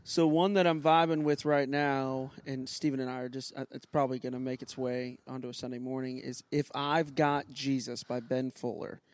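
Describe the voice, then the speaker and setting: A man's voice: mid-range voice, flat delivery, normal speed, few pauses. A man who plays music at a church, chatting on a podcast in an upbeat, scattered way that jumps between topics. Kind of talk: casual chat. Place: sound booth inside a church sanctuary.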